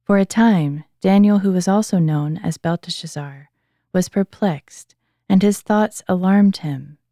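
A woman reads scripture aloud, earnest and measured. Her voice is low and mellow. The recording is close-miked and dry. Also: no room sound. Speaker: scripture reader. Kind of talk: Bible reading.

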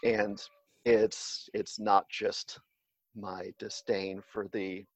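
A man's voice: fairly low pitch, flat delivery, very slow, dry recording. A man talking casually as an interview guest, hesitant and full of fillers and restarts, heard on a dull, slightly lo-fi recording. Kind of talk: casual conversation.

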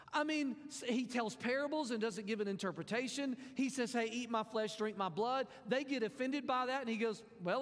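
A man preaches in a folksy, animated way, breaking into little acted asides. His voice sits very high for a man. The sound carries a long reverb from a church hall. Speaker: pastor. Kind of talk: sermon. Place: church sanctuary.

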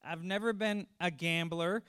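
A man's voice: high voice, fairly even intonation, a little slow, a bit bright, clear, resonant tone. A middle-aged man preaching a conversational sermon, chatty, laughing often and repeating words as he thinks aloud. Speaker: pastor.

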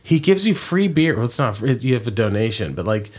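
A man's voice: medium pitch, sing-song, fairly quick, husky. A young adult man telling a long story in casual chat, rambling, restarting sentences and swearing freely.

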